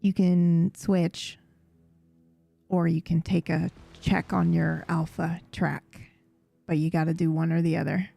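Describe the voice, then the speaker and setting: A woman running a live-streamed tabletop role-playing game as game master, animated and quick to laugh and swear. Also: fairly low pitch, creaky, dry recording, faint music behind.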